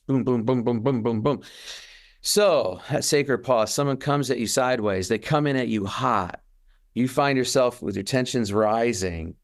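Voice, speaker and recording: A man co-hosting a podcast, talking in a casual, reflective, earnest way, with frequent restarts. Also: mid-range voice. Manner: earnest, animated, with restarts and acted-out quotes. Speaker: podcast co-host.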